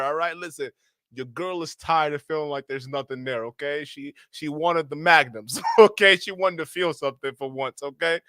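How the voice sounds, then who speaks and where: A man's voice: a little high, lively intonation, moderate pace, bright, forceful tone, no room sound, clean studio sound. A man streaming reaction commentary, profane and slangy, laughing often. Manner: profane, slangy, keeps saying bro, breaks into laughter.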